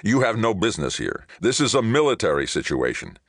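A snappish, blame-shifting bureaucrat speaks through his teeth in a storybook reading, as a man voices him. His voice sits higher and louder than the narrator's deep own tone. The sound is dry and close. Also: sing-song, fairly quick, no echo, heavily acted. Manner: tight, snarling. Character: snappish male bureaucrat blaming others.

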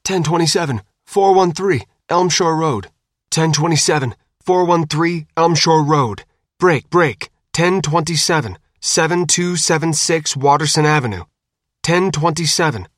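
A man's voice: on the high side, no room sound, clean studio sound, voice pushed up, close to an everyday voice. Man doing an urgent police dispatcher. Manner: loud, tense, rapid calls. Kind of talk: audiobook reading.

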